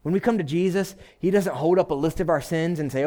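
A man's voice: fairly high pitch, fast, dark tone. A male pastor preaching a sermon in a conversational but emphatic way, exhorting the congregation in short repeated phrases. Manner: conversational, checks in with "right?".

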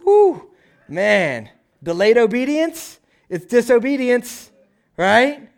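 Animated high-voiced male pastor. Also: slow pace, vocal fry. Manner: animated, conversational preaching with frequent "right?" and acted-out quotes. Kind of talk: sermon.

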